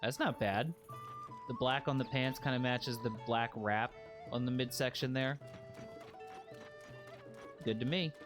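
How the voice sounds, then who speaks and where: Guy streaming a game, goofy jokey chatter, middle pitch, habitual put-on accent. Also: unhurried, long pauses, over music. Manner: playful and jokey, with sudden excited squeals. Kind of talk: casual let's-play commentary.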